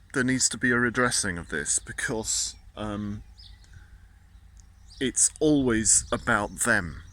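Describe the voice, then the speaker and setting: A man venting in a casual, indignant rant. His voice is bright and forceful, and he keeps tripping over and repeating his words. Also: on the low side. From Britain. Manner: indignant, stumbling repetitions. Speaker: vlogger.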